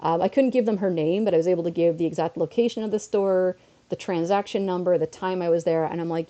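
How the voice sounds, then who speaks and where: Woman streamer, a bit under the weather, casual storytelling, low voice, mellow tone. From North America. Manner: animated storytelling with quick switches into quoted voices.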